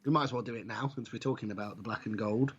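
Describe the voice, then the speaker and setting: Husky man, dry podcast chat. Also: lowish voice, fast talker. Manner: dry, wry, rambling asides. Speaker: podcast co-host. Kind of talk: casual wrestling chat. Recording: dull lo-fi podcast audio.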